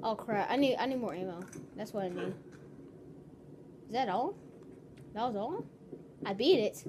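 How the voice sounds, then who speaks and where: A woman giving excited gameplay commentary, yelling loud reactions and trash talk at the game. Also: mid-range voice, normal speed, pauses often, background noise.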